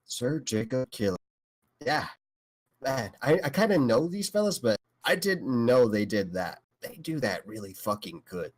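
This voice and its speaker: Excitable, lively-voiced man player. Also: mid-range voice, unhurried, no echo. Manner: excitable, swearing and laughing. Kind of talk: casual game chat.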